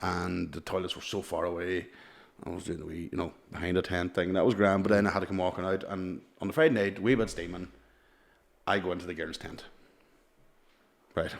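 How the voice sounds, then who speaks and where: A middle-aged man co-hosting a casual chat podcast, with a low voice. He tells long stories full of swearing and keeps breaking into laughter. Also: steady tone, a little fast, vocal fry. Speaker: podcast co-host.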